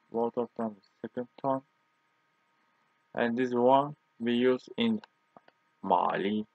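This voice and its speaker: Slow-talking young man with a tinny sound. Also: medium pitch, no echo. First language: Turkish. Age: young adult. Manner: repeats words slowly, non-native English. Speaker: language teacher. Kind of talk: slow language lesson. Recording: tinny phone-like audio.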